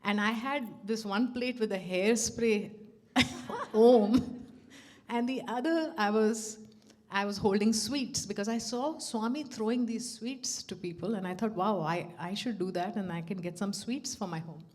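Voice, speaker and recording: A woman's voice: medium pitch, measured pace. A middle-aged woman telling a personal story at a devotional gathering, laughing often and acting out the dialogue. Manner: animated, laughs often, acts out quoted dialogue. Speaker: speaker at a devotional center.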